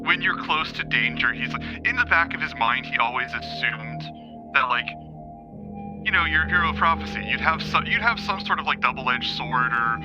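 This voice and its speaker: A man running a tabletop game at a middling pitch, stumbling through ums and restarts as he narrates. The recording is a little muffled, with music playing clearly behind him. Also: expressive, moderate pace. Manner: hesitant, full of ums and restarts. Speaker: game master.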